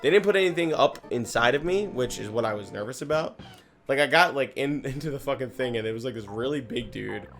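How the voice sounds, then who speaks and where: A man's voice: mid-range voice, lively intonation, a little fast, a bit bright, faint music behind. A man rambling through a casual story while playing a game, with constant "like" fillers and plenty of swearing. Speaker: gaming video host.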